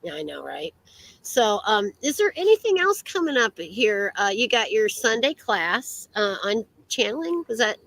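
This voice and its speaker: A woman's voice: a little high, big pitch swings, normal speed, a bit bright, no echo, low-quality recording. An American woman co-hosting a casual podcast chat, rambling with many fillers and restarts. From United States. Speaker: podcast co-host.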